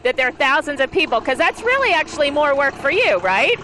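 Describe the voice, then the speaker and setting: A woman's voice: high voice, very animated, fairly quick, pushed and bright. A woman hosting local TV promo interviews in the street, bubbly, joking and exclamatory. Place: outdoors in a town street.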